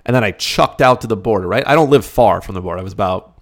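A Canadian podcast host, talking in a rambling, conversational way with lots of fillers. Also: male voice, lowish voice, fast, dry recording, studio quality. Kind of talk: casual monologue.

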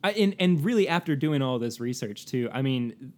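A man talking casually at a tasting table. He rambles, corrects himself mid-sentence and breaks into laughter often. His pitch sits in a middle range. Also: animated, normal speed, a little mellow. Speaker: co-host of a whiskey tasting show. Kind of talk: casual chat.

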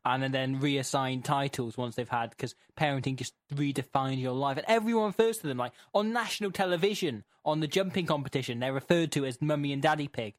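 A young man co-hosting a podcast, telling a comic story as an incredulous, animated rant with laughing asides. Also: mid-range voice, fairly quick, hardly any pauses, no room sound, studio quality. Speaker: podcast co-host.

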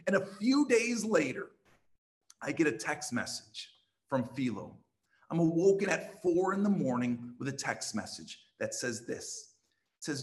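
A man's voice: sits high, moderate pace. A man, a pastor and missionary, telling a testimony in a sermon and acting out the dialogue with energy. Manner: animated, acts out quoted dialogue.

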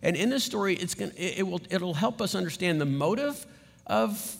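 A man's voice: high-pitched, expressive, a little fast, creaky. A man preaching a sermon as pastor in a conversational way, often checking in with his listeners. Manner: conversational, asks "right?" often. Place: church sanctuary. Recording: long hall reverb.

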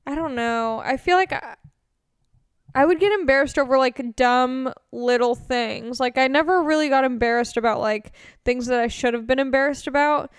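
A young woman from California hosts a podcast, speaking at normal speed in a high, smooth voice. The recording is dry with clean studio sound, and she answers questions in a casual, crude, rambling chat full of fillers.

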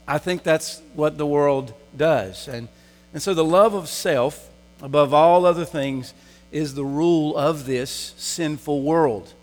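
Guy preaching a sermon in a church, kinda high voice, big echoey hall sound. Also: slow pace, faint music behind. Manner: asks the congregation rhetorical questions. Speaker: pastor. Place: church sanctuary. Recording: long hall reverb.

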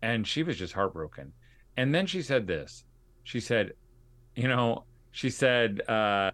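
A man's voice: mid-range voice, expressive, a little slow, fairly bright tone. A man hosting a podcast, telling stories in an earnest, conversational way to his listeners. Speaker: podcast host. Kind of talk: casual podcast monologue.

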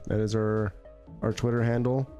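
A man's voice: on the low side, level tone, moderate pace, warm tone, muffled recording, faint music behind. A young married man co-hosting a podcast, talking casually with hesitations and some swearing. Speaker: podcast co-host. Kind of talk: casual chat.

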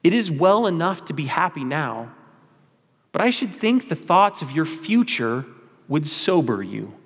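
A male preacher voicing a gloomy Christian who presses worried what-ifs, raised in pitch, in an echoey church hall. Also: very animated, a little slow, husky, full character voice. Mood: fretful. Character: gloomy, fretful Christian adult.

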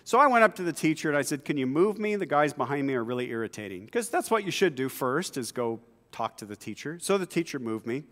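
A male pastor preaching a sermon, telling stories in a relaxed, conversational way with frequent asides. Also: on the high side, in a large hall. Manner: conversational storytelling with asides and laughs.

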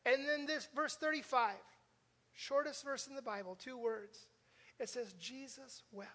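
Pastor guy preaching, kinda high voice, casual and jokey, echoey church. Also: unhurried, a bit bright. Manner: conversational, asks the congregation questions with frequent "right?"; self-deprecating humor. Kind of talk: sermon. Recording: long reverb of a church hall.

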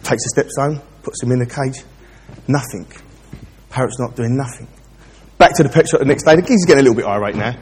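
A man preaching in a church, chatty and direct with the congregation, his voice pitched in a middle range. The sound carries a long hall reverb, and a faint hiss runs underneath. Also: quick pace, a little mellow. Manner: chatty and direct, addresses listeners. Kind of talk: informal sermon with a joke.

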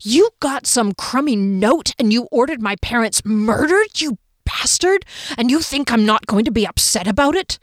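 A woman reading an audiobook, voicing an angry, commanding young heroine who shouts and demands. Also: fairly high pitch, lively intonation, slow, hardly any pauses, clear, resonant tone, dry recording, studio quality, pitched above the performer's own voice. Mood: furious.

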